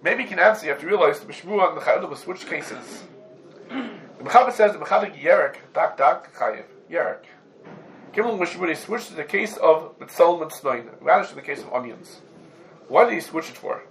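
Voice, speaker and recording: Male teacher, a touch higher-pitched, lively questioning delivery in a classroom lesson, light background noise. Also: moderate pace, low-quality recording. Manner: lively, rhetorical questions, Hebrew terms woven into English. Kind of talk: Talmudic law lesson.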